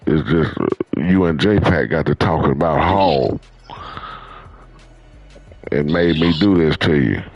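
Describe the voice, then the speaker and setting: A man's voice: extremely low pitch, slow, long pauses, husky, lo-fi sound, faint music behind. A male video game streamer trash-talking rivals in game chat, boastful and teasing, repeating himself.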